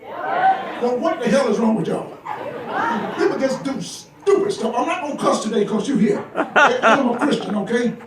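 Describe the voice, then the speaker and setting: A man's voice: extremely high pitch, animated, moderate pace. An older man from Georgia doing teasing, playful stand-up comedy, chuckling at his own jokes, filmed on a phone from the audience of a large comedy club. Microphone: phone camera from the audience. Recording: echoey club from far off, loud crowd. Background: audience laughter.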